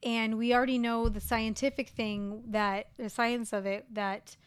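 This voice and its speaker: A woman co-hosting a casual podcast chat. Her voice is fairly high, and she talks in a chatty, loose way. She laughs easily and sometimes trails off mid-thought. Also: little pitch movement, unhurried, clear, resonant tone. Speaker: podcast co-host. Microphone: headphones and studio mic.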